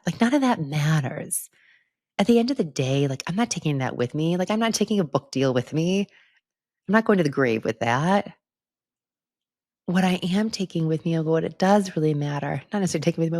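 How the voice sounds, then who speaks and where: Low, gravelly-voiced woman podcaster. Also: lively intonation, normal speed, darkish tone, no echo, studio quality. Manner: candid and conversational, laughs often. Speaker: podcast host. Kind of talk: reflective personal monologue.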